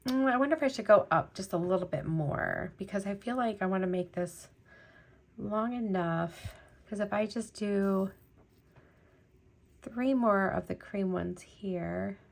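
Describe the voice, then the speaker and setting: A woman's voice: mid-range voice, a little slow, vocal fry. Beading host, woman, middle-aged, loose chatty delivery full of fillers. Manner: chatty, many fillers, rambling. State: choked up, teary. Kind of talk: casual chat while beading.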